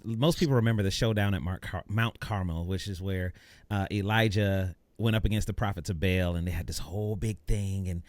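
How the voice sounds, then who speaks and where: A man with a fairly low voice hosts the conversation, thinking out loud in a calm, reflective way and working in scripture references. The recording is close and dry, with very little room sound. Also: a little fast, no echo. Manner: relaxed, reflective, ties stories to scripture. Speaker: interviewer, podcast host. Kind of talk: casual conversation.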